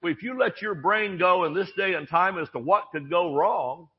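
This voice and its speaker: A man preaches with lively storytelling, acting out voices and dropping jokes along the way. His voice sits a little high for a man. The recording sounds dull and lo-fi, like archived church audio. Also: moderate pace, slightly rough. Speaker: pastor. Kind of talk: sermon.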